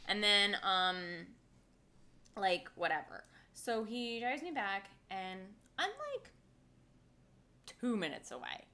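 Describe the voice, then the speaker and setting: A woman in her twenties co-hosts a casual podcast and tells a story. Her voice sits at an ordinary middle pitch, and her delivery is animated and loose. She swears freely as she goes. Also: slow, long pauses. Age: 20s. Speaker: podcast co-host.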